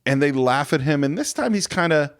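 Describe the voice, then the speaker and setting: Animated man retelling a film. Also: fairly high pitch, clean tone. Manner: animated retelling of scenes, acting out lines in quick voices. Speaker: film podcast co-host. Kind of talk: casual film discussion. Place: podcast studio.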